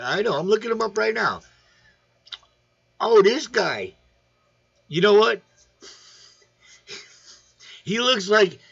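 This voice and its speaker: A man's voice: a little high, gravelly, fairly bright tone, slightly rough, dull audio. A man hosting a casual fish livestream, rambling and joking while greeting viewers by name. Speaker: aquarium channel host. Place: home room.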